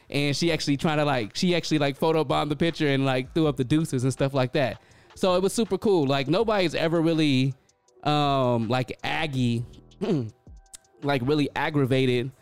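A man's voice: mid-range voice, clean tone. A man, telling a casual story in a loose, chatty way full of filler phrases.

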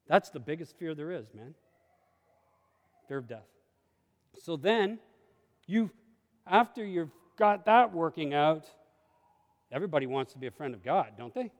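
A man preaching a sermon with passion, swinging between hushed confiding and sudden exclamations. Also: high voice. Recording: long hall reverb.

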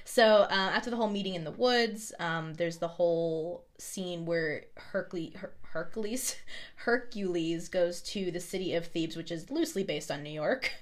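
A woman's voice: on the low side, moderate pace. A young woman co-hosting a casual chat, laughing often and acting out quoted lines. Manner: giggly, chatty, often acts out quoted lines. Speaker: podcast co-host.

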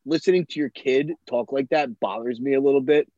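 A man's voice: medium pitch, a little fast, dark tone, no echo. Blunt, cursing man on a dull dry track. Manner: blunt, profane, ranting. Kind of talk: casual chat.

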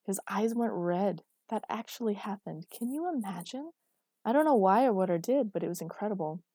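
A woman reading aloud, voicing a puzzled, literal-minded young woman writer who speaks flatly. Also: mid-range voice, moderate pace, slightly rough, no room sound, clean studio sound.

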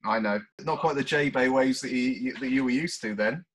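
A man's voice: mid-range voice, fairly quick, a bit bright. A man hosting a podcast, chatty and jokey as he introduces a guest. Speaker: podcast host. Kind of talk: casual chat.

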